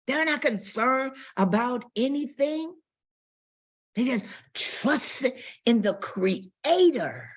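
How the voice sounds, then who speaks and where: A woman's voice: high-pitched, big pitch swings, slow pace, breathy edge. A woman pastor preaching a sermon, telling stories and acting out quotes and barking sounds.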